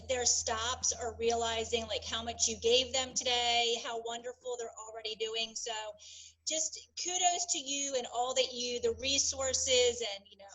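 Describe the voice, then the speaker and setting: A woman co-hosting an online workshop, heaping warm, effusive praise on the presenter. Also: fairly high pitch, rough recording. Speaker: webinar co-host. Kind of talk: casual chat.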